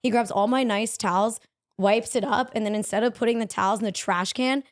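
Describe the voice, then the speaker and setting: A woman's voice: on the high side, steady tone, fairly quick. Blunt, exasperated woman teasing on a podcast. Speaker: podcast guest. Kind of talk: casual chat.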